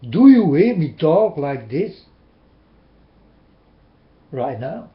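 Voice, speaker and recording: Guy preaching into his webcam, high voice, roomy muffled sound. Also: sing-song, very slow. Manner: urgent, repeating, pleading with listeners. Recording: roomy, dull webcam audio.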